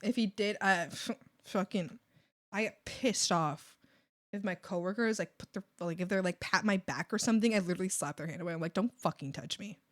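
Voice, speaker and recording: A young adult woman streamer venting a story to her chat in a casual, animated, profane way. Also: medium pitch, a little fast. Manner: animated, profane, mocking whiny voices. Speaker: art streamer.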